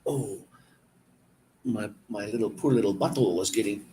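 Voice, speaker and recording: A man hosting a live stream, telling a story and answering viewer comments in a relaxed, chatty way. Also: on the low side, moderate pace, a little hiss or hum. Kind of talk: casual live-stream chat.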